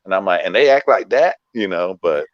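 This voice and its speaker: Low-voiced laid-back male comedian. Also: expressive, brisk, muffled recording, crowd noise. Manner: laid-back, acts out quoted lines. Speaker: guest comedian. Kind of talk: casual storytelling chat.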